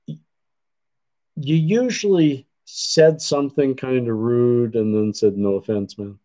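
A Canadian man with a medium-pitched, mellow voice hosts a livestream from his computer desk, and the audio is poor. He meanders chattily through viewer comments, often trailing off before finishing a sentence.

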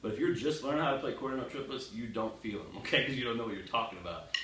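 A man's voice: mid-range voice, very fast. A man teaching a casual music lesson, chanting counts and rhythm words aloud and talking to the student in a joking, direct way. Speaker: drum teacher. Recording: roomy sound from a distance with loud noise.

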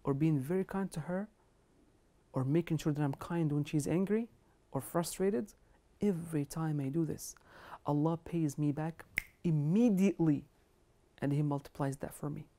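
Her voice sits low and mellow, moving at a moderate pace, as she gives a religious lecture about being kind to one's parents. Earnest and emphatic, she cites Arabic scripture and Islamic scholars.

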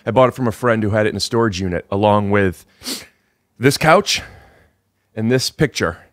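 A man's voice: on the low side, moderate pace, no room sound, clean studio sound. A man hosting a podcast from his living room, rambling and restarting as he chats with a guest. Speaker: podcast host. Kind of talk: casual chat. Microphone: podcast microphone.

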